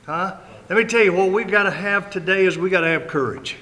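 A man's voice: high voice, brisk, pushed and bright, low-quality recording. An older man and ordained minister preaching passionately to a live audience, telling a story with emphasis and acting out the quoted voices. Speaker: guest speaker and ordained minister.

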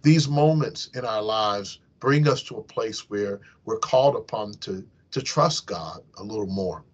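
A man's voice: fairly low pitch, a little slow, slightly rough. A man giving a devotional meditation as a hospital chaplain, talking in a conversational way and correcting himself as he goes. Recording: dull lo-fi recording.

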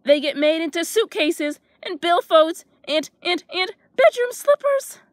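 A woman's voice: very high voice, animated, measured pace, bright, forceful tone, no echo, clean studio sound, heavily acted. A woman voicing a timid, jittery male dragon who stammers and panics. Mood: panicky.

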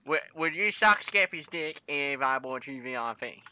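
A man's voice: mid-range voice, expressive, normal speed, sharp tone, smooth, no echo. A young Australian man hosting a joking mock interview over game voice chat, swearing constantly and rambling between questions. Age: young adult. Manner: crude, swearing, rambling and teasing. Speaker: gaming video host.

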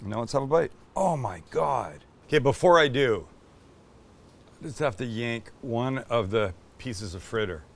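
Excitable middle-aged cooking show host, a man. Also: medium pitch, measured pace, gravelly. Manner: enthusiastic, exclamatory, chatty. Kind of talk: casual cooking show chat.

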